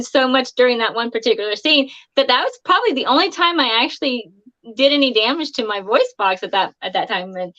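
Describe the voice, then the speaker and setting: A woman's voice: a little high, animated, fairly quick, fairly bright tone. A woman guest actress on a live stream, telling chatty anecdotes in casual conversation and laughing often. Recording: dull lo-fi stream audio.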